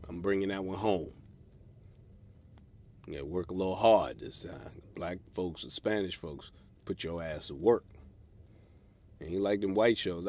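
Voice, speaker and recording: A man hosting a comedy podcast alone, ranting profanely from his car in a parking lot and mocking people in a high falsetto. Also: a little mellow. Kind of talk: solo comedy podcast rant.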